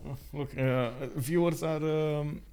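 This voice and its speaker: A young man casting a live strategy game, talking quickly with many filler sounds and excited outbursts. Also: on the high side, clean tone. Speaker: esports caster.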